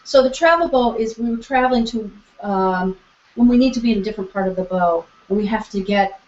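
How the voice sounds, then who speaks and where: A woman's voice: medium pitch, brisk, a little mellow. A woman teaching violin online, patient and encouraging, singing out bowing syllables as she guides a young student. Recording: roomy, dull lo-fi video call with violin. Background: violin playing.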